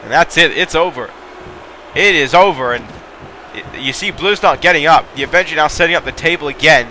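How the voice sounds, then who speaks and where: A man giving excitable, mildly profane play-by-play commentary on a wrestling video game. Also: on the high side, a little fast, a little hiss or hum.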